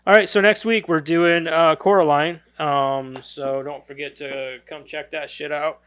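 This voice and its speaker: A man's voice: fairly high pitch, fairly even intonation, measured pace, fairly bright tone, smooth. A man hosting a podcast in casual chat, joking and laughing easily. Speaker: podcast host.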